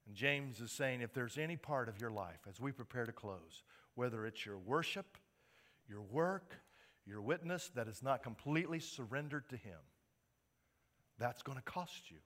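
A man preaching a sermon in church, building to emphatic, impassioned peaks and then dropping to a quiet, earnest tone. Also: mid-range voice, lively intonation, moderate pace. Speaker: pastor.

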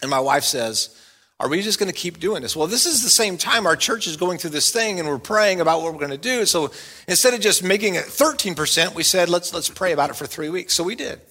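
A middle-aged pastor preaching to his congregation in a high, bright voice. He is animated, moving from loud, playful bursts to quiet, earnest points. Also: brisk. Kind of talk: sermon.

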